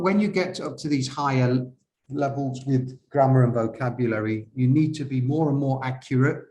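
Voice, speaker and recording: Male IELTS examiner, unhurried, hesitant delivery, teacherly questions to the class. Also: mid-range voice, darkish tone. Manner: slow, hesitant, questions to viewers. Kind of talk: classroom-style essay correction.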